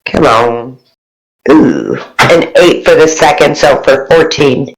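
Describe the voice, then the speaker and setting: Slow-talking woman playing a tabletop game. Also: low-pitched, rough recording. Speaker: player. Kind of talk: casual tabletop role-play.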